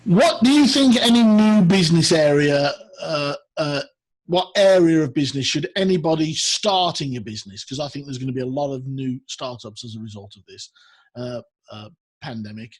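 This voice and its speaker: A man's voice: on the high side, lively intonation, moderate pace. Enthusiastic Brummie-accented male host. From Birmingham, England. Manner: enthusiastic, repeats words, many fillers. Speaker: talk show host. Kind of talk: casual interview chat.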